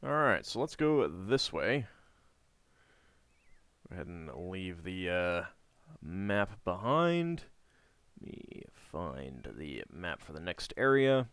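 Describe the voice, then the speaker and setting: A man hosting a playthrough of a role-playing game, reading its story text aloud between relaxed, chatty comments. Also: deep voice, slow, long pauses, clear, resonant tone, dry recording. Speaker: gameplay host and narrator.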